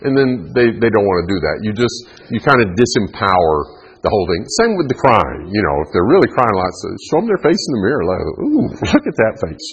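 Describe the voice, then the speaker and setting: A man's voice: on the low side, very animated, fast talker, breathy edge, lo-fi sound. A middle-aged man giving a chatty parenting talk, laughing often and acting out kids and moms. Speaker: parenting speaker. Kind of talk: talk to an audience.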